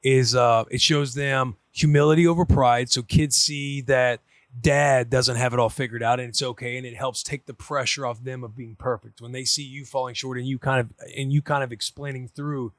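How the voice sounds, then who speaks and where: A man's voice: mid-range voice, steady tone, moderate pace, fairly bright tone, dry recording, clean studio sound. A man in his thirties co-hosting a casual podcast, talking earnestly and rambling through his points with lots of restarts. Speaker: podcast co-host.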